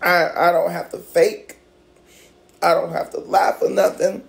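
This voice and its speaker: A man's voice: high voice, little pitch movement, a little slow, gravelly. A man in an emotional rant to camera, upset and tearful, pleading with viewers and repeating himself. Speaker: vlogger.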